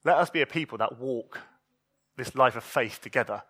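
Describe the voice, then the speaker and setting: A man's voice: medium pitch, moderate pace, a bit bright, slightly rough. A man in his thirties, a pastor delivering an earnest, pleading sermon and often restarting his phrases.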